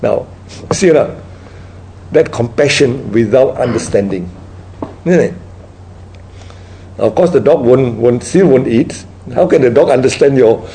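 A man leads a Buddhist dharma talk in an unhurried, storytelling way. He keeps checking in with his listeners. His voice is gravelly and mellow, with a faint hiss behind it. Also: mid-range voice, poor audio. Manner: tag questions like "right?" after nearly every point. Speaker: Buddhist teacher. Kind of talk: dharma talk with audience questions.

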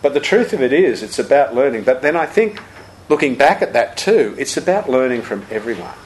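An older man, a Buddhist teacher giving a talk full of anecdotes, told with lively chuckles. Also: mid-range voice, a little fast, low-quality recording.

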